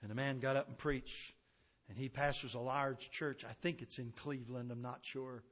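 A man preaching a sermon, impassioned, swinging from shouted declarations down to quiet, low storytelling. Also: steady tone, moderate pace. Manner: impassioned, rising to shouts then dropping low.

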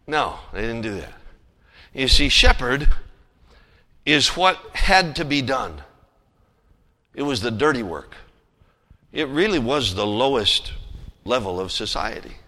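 A man preaching a sermon, telling a story with animated swings between loud emphasis and hushed asides. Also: medium pitch. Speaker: pastor. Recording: long hall reverb.

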